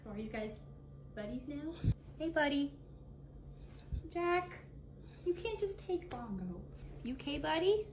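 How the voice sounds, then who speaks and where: A woman's voice: high voice, animated, unhurried, pauses often, a little hiss or hum. A woman acting out a playful couple skit, with exaggerated indignation. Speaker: comedy sketch creator.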